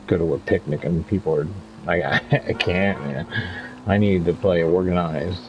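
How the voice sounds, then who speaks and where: A man's voice: deep voice, normal speed, muffled recording, music in the background. A talkative man in his fifties chatting casually over gameplay as a streamer, rambling from story to story and laughing often. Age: 50s. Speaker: gaming streamer.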